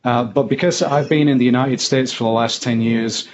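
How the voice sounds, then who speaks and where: A man from Yorkshire hosting a talk show, chatting casually with a light, softened Yorkshire accent and frequent laughs. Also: medium pitch, fairly even intonation, moderate pace, highs cut off. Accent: Yorkshire English, softened. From Yorkshire, England. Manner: chatty, laughs often, fillers. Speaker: host.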